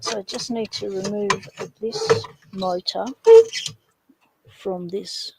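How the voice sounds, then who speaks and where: A woman's voice: medium pitch, steady tone, slow, very noisy. An Australian woman hosting a casual livestream, rambling and chatting with viewers while she takes hardware apart. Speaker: livestream host.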